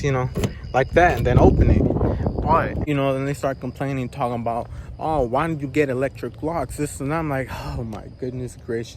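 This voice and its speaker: A man's voice: medium pitch, noisy background. Young man ranting casually outdoors. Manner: animated, slangy rant. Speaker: vlogger. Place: outdoors by his truck.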